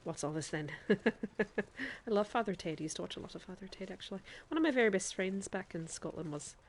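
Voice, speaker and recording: A woman's voice: mid-range voice, expressive, a little fast, slight background noise. A woman streamer chatting to her viewers in a put-on Irish accent while she plays a game, often laughing as she talks. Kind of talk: live gameplay commentary.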